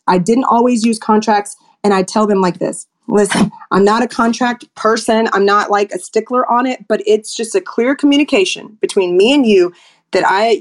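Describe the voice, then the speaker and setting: A woman's voice: medium pitch, a little mellow. An outspoken woman in her forties, a photographer chatting as a guest and acting out how she talks to clients. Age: 40s. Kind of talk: casual chat on a live audio room.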